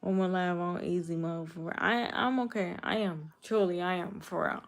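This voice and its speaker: A young woman chats on her livestream and answers comments. Her voice is low and gravelly, and she talks in a hurt, halting way, often repeating herself. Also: steady tone. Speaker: livestream host. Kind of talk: casual live chat reading comments.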